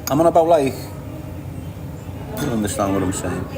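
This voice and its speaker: A man with a Liverpool accent hosts a livestream, reading viewer comments in blunt, casual chat full of swearing and laughter. His voice runs on the low side with lively intonation at normal speed, with some background noise.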